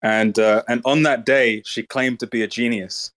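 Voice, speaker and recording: A man talking in a casual online audio chat, with a blunt and mocking manner and plenty of swearing. His voice sits at an ordinary middle pitch. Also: fairly even intonation, normal speed, fairly bright tone. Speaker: Twitter space speaker.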